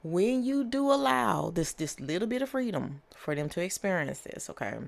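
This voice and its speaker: This tarot reader has a medium-pitched, gravelly voice that is very animated, at a normal speed. Her casual reading is conversational and repetitive, loaded with fillers and frequent "okay?" check-ins.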